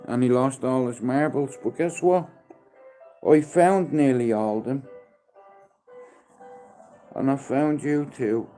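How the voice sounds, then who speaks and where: On a casual live stream, a man in his fifties with a mid-range voice alternates between coaxing, sing-song baby talk and sudden loud calls. In between, he drifts into rambling, heartfelt chat.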